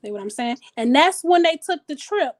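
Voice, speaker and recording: A woman hosting a casual talk show, blunt and profane, animated and thinking out loud. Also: high-pitched. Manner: animated, blunt and profane, pausing to reason aloud. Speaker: host.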